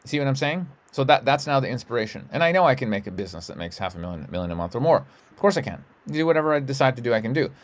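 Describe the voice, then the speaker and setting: A man's voice: mid-range voice, very animated, very fast. A middle-aged man hosting a livestream, giving a rambling spiritual talk in a loose, profane, emphatic way. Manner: loose, profane and emphatic, frequent "you know what I'm saying".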